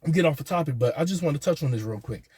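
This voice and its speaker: A man, speaking earnestly in a halting personal monologue, often repeating his words. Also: a little high, expressive, darkish tone, husky, dry recording. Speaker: vlogger.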